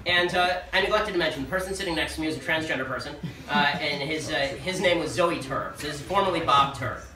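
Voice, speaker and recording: A man's voice: fairly high pitch, noisy background. Sarcastic man speaking in an echoey hall. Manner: sarcastic, rapid-fire storytelling. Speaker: guest speaker at a university. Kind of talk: political campus speech with anecdotes. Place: large lecture hall with a live audience. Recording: echoey hall, speaker far from mic, audience laughter.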